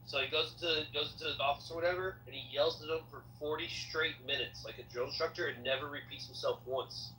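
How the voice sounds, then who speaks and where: A man with a bright, sharp voice talks fast in a casual podcast, sharing trivia and asking questions. A faint hum sits behind him. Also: fairly high pitch, steady tone, rough recording. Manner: chatty, full of trivia and questions.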